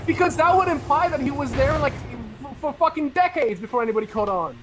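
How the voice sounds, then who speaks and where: A man's voice: very high voice, expressive, a little fast, noisy background. A man from outside the United States, a guest on a gaming stream, talking casually, profane and easily riled up.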